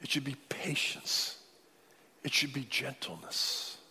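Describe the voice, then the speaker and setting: Male pastor, sermon delivery, dynamic swings from booming to whispered, long reverb. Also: expressive, slow pace, husky. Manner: dynamic preaching, swings from loud declarations to near-whispers.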